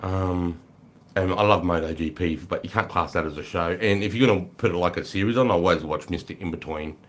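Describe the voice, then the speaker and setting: An easygoing Australian man with a very deep, low voice hosts a laid-back, unhurried livestream, reading comments aloud. He greets viewers by name, calls them mate and brother, and swears freely.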